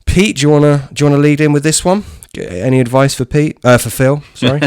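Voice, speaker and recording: A man's voice: fairly high pitch, fast talker, a little mellow, clear, resonant tone, dry recording, studio quality. A man, co-hosting a podcast in casual, jokey chat with many restarts. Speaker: podcast co-host.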